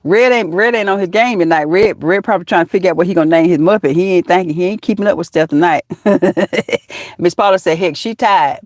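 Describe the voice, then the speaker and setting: A woman's voice: fairly low pitch, a little fast, a little mellow, no echo, studio quality. A woman hosting a casual live chat, reading out comments, laughing often and talking straight to her viewers. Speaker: livestream host.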